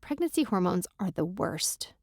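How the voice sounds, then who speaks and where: Mellow-voiced woman narrating a romance audiobook. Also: on the low side, big pitch swings, normal speed, vocal fry, no echo, studio quality. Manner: wry, self-deprecating and emotional.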